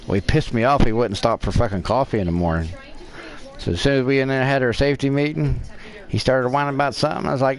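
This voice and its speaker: Crude gravelly-voiced man telling stories. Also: mid-range voice, fairly quick. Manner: crude, profane storytelling. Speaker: streamer. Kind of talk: casual storytelling while gaming.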